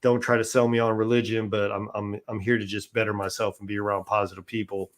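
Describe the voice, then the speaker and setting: A man's voice: fairly low pitch, flat delivery, fast. A man as an interview guest, recounting experiences in a loose, conversational way, often checking in with "right?" and restarting his sentences. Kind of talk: casual storytelling interview.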